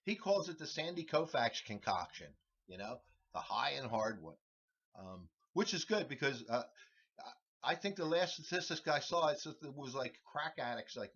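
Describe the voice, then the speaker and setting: A man hosting a comedy show, delivering a rambling deadpan monologue full of restarts and "all right"s. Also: mid-range voice, husky. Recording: dull lo-fi recording.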